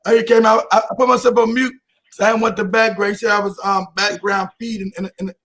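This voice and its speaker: A man hosting a casual online chat show over a video call, talking loudly and bluntly with frequent laughter. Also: sits high, flat delivery, a little fast. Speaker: host.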